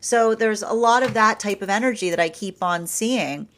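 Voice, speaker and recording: A woman's voice: medium pitch, normal speed, a bit bright. A woman giving a casual tarot and astrology reading, rambling with frequent laughs and restarts. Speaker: tarot reader.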